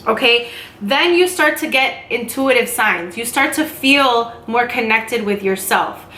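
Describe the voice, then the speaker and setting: A woman vlogger talking casually and rambling to her camera, with quick asides. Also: on the high side, lively intonation, pushed and bright. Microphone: camera mic. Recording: echoey room.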